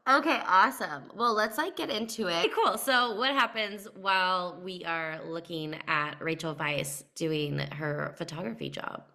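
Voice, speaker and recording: A woman's voice: on the low side, moderate pace, few pauses, sharp tone. A woman co-hosting a podcast, chatting casually about a film and filling her sentences with "like". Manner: chatty, leans on "like" as a filler. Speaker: podcast co-host.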